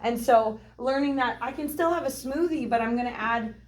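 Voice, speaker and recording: A woman co-leading a nutrition workshop, telling a personal story in a chatty, animated way and acting out quoted voices. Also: a little high, normal speed. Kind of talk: casual storytelling talk.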